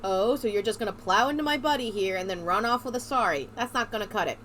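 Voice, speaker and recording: Woman reads brash male street thug, game dub; crude, pushy, a bright edge on the voice. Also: mid-range voice, fast, a little hiss or hum, pitched below the performer's own voice, lightly acted. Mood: bullying. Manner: leering, bullying.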